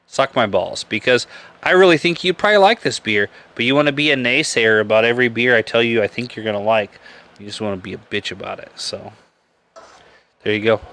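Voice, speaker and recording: A man's voice: medium pitch, brisk, fairly bright tone. A man hosting a live beer podcast, rambling and joking crudely, laughing often. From Nebraska. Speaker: podcast host. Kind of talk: casual live-stream beer chat.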